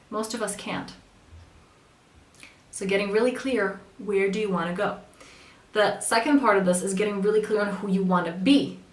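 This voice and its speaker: A spiritual coach gives a casual spoken coaching talk in a medium-pitched, fairly bright voice. She's earnest and conversational, sometimes acting out the voices of people she quotes. The room is echoey and the mic sits at a distance.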